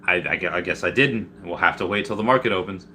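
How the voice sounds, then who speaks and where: A man's voice: low-pitched, fast talker, bright, forceful tone, slight background noise. A man from Peru hosting a casual live stream, reading viewer comments aloud and answering them in a rambling way, often restarting his sentences. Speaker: livestreamer answering chat.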